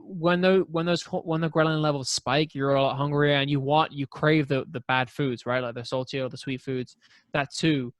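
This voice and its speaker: A man telling rambling stories on a casual podcast, animated, tossing in squeaky impressions. His voice sits a little high, and the sound is dry and close with no room around it. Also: normal speed, no room sound. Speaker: podcast co-host. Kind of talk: casual chat.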